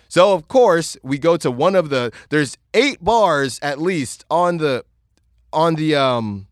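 A man's voice: mid-range voice, dry recording, studio quality. Rambling young man telling a story. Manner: rambling, lots of filler words and restarts, animated retelling. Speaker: podcast host. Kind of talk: casual storytelling monologue.

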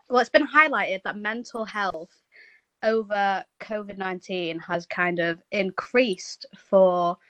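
A woman's voice: mid-range voice, a bit bright, dry recording, low-quality recording. A woman giving an informal update on a project, explaining plainly with many ums. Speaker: charity project worker.

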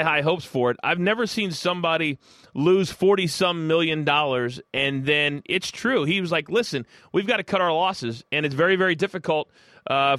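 A man's voice: fairly high pitch, fairly bright tone, no echo, studio quality. A man from Kansas City, a guest on a sports talk show, telling stories in a rambling, enthusiastic way with many fillers. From Kansas City, United States. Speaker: guest, former sports broadcaster. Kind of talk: casual interview storytelling.

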